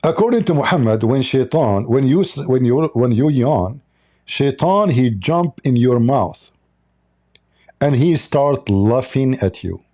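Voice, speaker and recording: Hosting a polemic livestream, a man mocks and jeers in non-native English. He speaks at a measured pace in a warm, expressive, mid-range voice.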